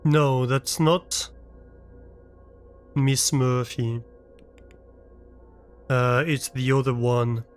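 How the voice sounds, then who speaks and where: A man's voice: mid-range voice, steady tone, very slow, long pauses, clear, resonant tone, faint music behind. A man live-streaming a game from his room, chatting casually with viewers and thinking aloud as he plays. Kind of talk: casual chat while playing a game. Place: his own room at home.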